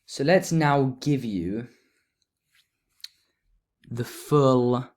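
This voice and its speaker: A man explaining grammar in a relaxed lesson, thinking aloud as he writes notes. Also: medium pitch, extremely slow. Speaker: teacher.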